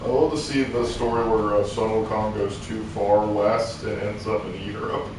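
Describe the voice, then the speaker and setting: A man's voice: lowish voice, flat delivery, normal speed. A man chatting along on a game stream, dropping dry teasing remarks. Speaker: co-host in voice chat. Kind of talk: casual gaming banter. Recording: echoey, distant voice, faint noise.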